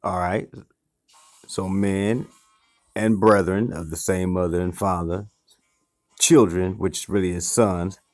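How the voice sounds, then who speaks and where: A man's voice: sits low, fairly even intonation, takes it slowly, long pauses, soft background music. A man leading an informal Bible study, explaining word by word, often restarting phrases and checking in with "okay" and "you see what I'm saying". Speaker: Bible teacher.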